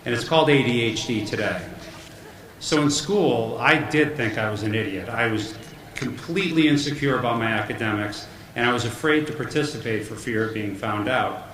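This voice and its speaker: A man's voice: medium pitch, normal speed, fairly bright tone. A middle-aged man giving a commencement speech, telling jokey, self-deprecating family stories at a podium mic. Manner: joking storyteller, self-deprecating. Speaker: commencement speaker. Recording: echoey hall with background noise.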